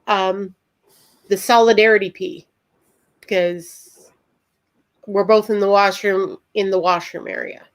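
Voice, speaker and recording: A woman's voice: mid-range voice, steady tone, measured pace, long pauses. A woman guest in a casual chat, talking earnestly and rambling with many fillers. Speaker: guest co-host.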